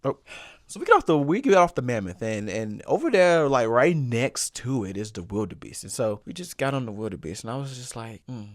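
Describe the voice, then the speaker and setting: Talking a little fast in a sing-song, mid-range voice, a young host relates a personal story on his show, casually repeating lines for laughs. The studio-quality audio has no echo.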